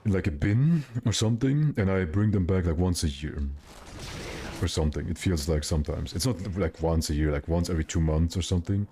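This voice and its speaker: A man's voice: deep voice, a little fast, warm tone, a little hiss or hum. A man from Germany, chatting casually on a game livestream in a rambling, jokey way and often correcting himself. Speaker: game streamer.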